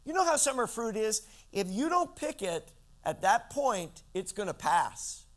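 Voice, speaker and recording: A man from Central California delivers a sermon in a high, light voice. He swings his pitch and loudness up and down for drama and slows down on the lines he wants to land. He keeps asking his listeners questions. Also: sing-song. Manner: addresses listeners directly with questions. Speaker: pastor.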